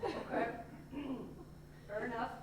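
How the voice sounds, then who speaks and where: A woman performing a comic solo theater monologue on stage, telling her story in an animated, self-mocking way. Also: on the high side, slow. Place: theater stage before an audience. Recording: echoey live theater, distant mic, room noise.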